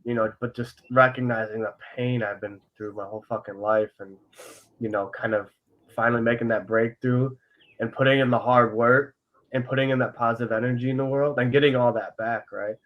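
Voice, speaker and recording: A man's voice: mid-range voice, fairly even intonation, brisk, dull audio. A young man co-hosting a casual podcast, talking earnestly and openly about his feelings, full of fillers and swearing. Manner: rambling, filler-heavy, swears freely. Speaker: podcast co-host.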